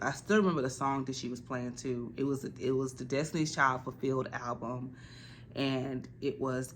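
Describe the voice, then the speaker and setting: Bright-voiced young woman telling a story. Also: low-pitched, slight background noise. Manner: animated, dramatic retelling with acted quotes and frequent "like". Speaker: vlogger. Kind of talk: casual storytime.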